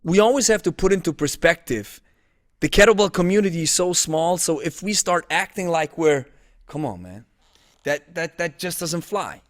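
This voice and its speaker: Podcast host guy, kinda high voice, super enthusiastic, dry close sound. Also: lively intonation, no room sound. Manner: enthusiastic, affirming, quick interjections. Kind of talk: casual podcast chat.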